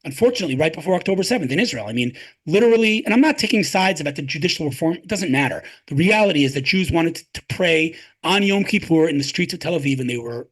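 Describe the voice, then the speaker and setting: Fast, emphatic, husky-voiced man. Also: fairly high pitch, expressive. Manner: emphatic, rhetorical questions, repeats phrases. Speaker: guest, tech advocate. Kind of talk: passionate interview talk.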